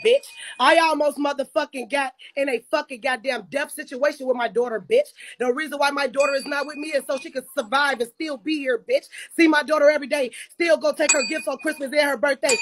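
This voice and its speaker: A woman in her thirties on a live call, ranting in a cursing, confrontational way without letup. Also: high voice. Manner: cursing, confrontational, rapid and relentless. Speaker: guest on a live stream. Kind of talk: heated live-stream rant.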